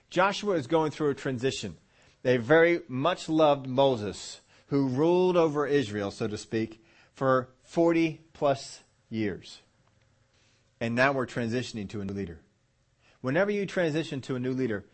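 A male pastor delivers a sermon in a mid-range voice. He reads scripture aloud and slows down on key words for emphasis. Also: mid-range voice, animated.

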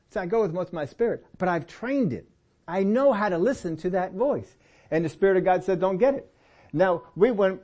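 A middle-aged man preaching a sermon, telling personal stories in a relaxed, conversational way and often rising in pitch to press a point. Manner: conversational storytelling with lively pitch swings and laughs. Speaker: pastor.

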